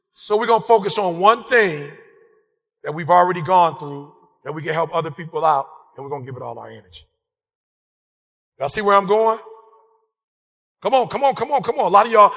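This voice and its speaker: A man giving an impassioned sermon-style motivational speech, fiery and repetitive, calling out to the crowd and breaking into shouts. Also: high voice, animated, brisk, gravelly, long reverb tail. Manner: fiery, repetitive call-and-response, bursts into shouts. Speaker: motivational speaker and preacher.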